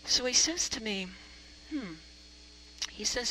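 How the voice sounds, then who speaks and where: A woman's voice: fairly high pitch, lively intonation, measured pace, long pauses, sharp tone, slight background noise, low-quality recording. A woman reverend telling a story from the pulpit, chatty, with self-deprecating humor. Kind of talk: storytelling sermon.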